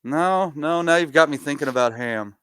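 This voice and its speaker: A man co-hosting a podcast, making deadpan, crude jokes in casual banter. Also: a little high, moderate pace, clean tone, no room sound. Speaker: podcast co-host.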